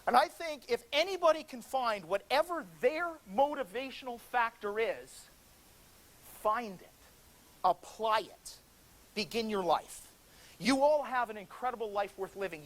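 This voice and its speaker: A man's voice: extremely high pitch, expressive, a little slow, a bit bright. A man giving a motivational speech to a seminar audience, telling a story with energy and drama. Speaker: motivational speaker. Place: seminar room before an audience.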